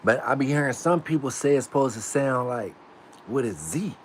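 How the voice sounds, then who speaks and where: A man's voice: medium pitch, a little fast, a bit bright, a little hiss or hum. A man casually chatting on a livestream, laid-back and using street slang as he practices pronouncing words aloud. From United States. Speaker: livestream host.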